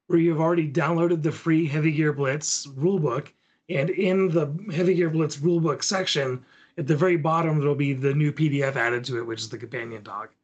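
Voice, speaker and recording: With highs cut off in the recording, a man co-hosting a podcast talks briskly in a fairly high, steady-toned voice. He casually guides listeners through tabletop gaming material step by step.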